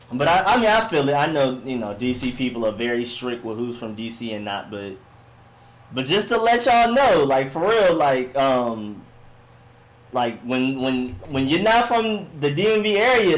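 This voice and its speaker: A man hosting a casual sports live stream, rambling in a slangy, laid-back way as he reads and answers viewer comments. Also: a little high. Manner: laid-back, rambling, slangy, often says "you know what I'm saying".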